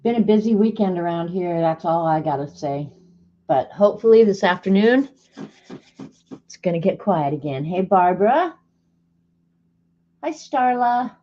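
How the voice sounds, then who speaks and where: Low-voiced woman chatting on a livestream. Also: expressive, unhurried, pauses often, mellow. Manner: chatty, greets viewers by name, reads snarky sayings aloud. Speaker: art livestream host. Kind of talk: casual livestream chat. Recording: dull lo-fi stream audio.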